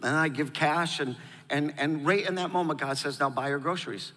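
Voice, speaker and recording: A man's voice: a little high, fairly quick, bright, forceful tone, big-room sound. A middle-aged pastor telling personal stories as an interview guest, emotional and hesitant, often restarting his sentences.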